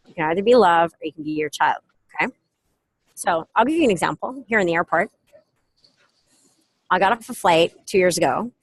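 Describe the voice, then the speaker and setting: A middle-aged woman giving a casual motivational talk, telling stories with lively acted quotes, speaking from an airport. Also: fairly low pitch, fairly quick, long pauses, slightly rough, dry recording. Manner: animated storytelling with acted quotes. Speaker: self-help speaker.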